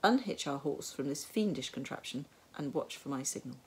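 A woman voicing a brisk, sharp-witted woman detective who gives clipped, commanding orders in a hushed voice. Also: rumbling low, animated, a little hiss or hum. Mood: urgent hush. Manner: clipped, bossy, hushed urgency.

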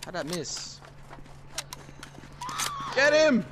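Excitable man yelling over game gunfire. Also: sits high, very slow. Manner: shouting battle cries, laughing often. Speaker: gamer streaming a multiplayer shooter. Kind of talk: excited gameplay commentary. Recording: gunfire and game noise behind.

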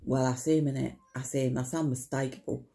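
A woman spins a rambling, wry tale straight to camera, her voice low-toned, dark and gravelly. She swears offhandedly and keeps checking in with little tag questions, repeating her punchlines. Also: fairly even intonation, fairly quick. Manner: chatty, full of tag questions and repetition. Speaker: vlogger. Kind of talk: rambling comic storytelling to camera.

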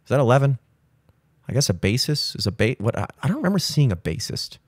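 A young man hosting a solo podcast, telling a rambling, animated story with voiced asides. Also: mid-range voice, fast, no room sound, studio quality. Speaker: podcast host. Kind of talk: solo casual chat. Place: home studio.

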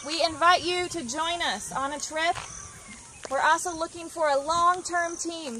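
A woman's voice: high voice, noisy background. A woman leading a walking tour of an outdoor hillside site, enthusiastic and inviting, out of breath from the incline. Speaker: mission project leader giving a site tour.

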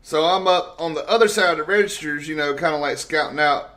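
A man's voice: a little high, fairly quick, pushed and bright. A man hosting a casual talk show, telling profane, rambling stories and laughing often. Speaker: host.

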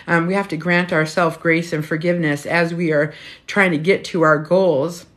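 A menopause health coach in her fifties swears freely as she chats frankly on a casual live stream, using her phone at home. She speaks on the low side with a bit of brightness, fairly even intonation, and a moderate pace.

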